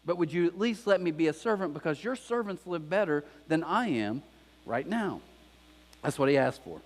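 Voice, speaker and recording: Animated male pastor in a reverberant hall. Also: high voice, moderate pace. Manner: animated storytelling, acts out voices of characters. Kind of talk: sermon. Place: church auditorium.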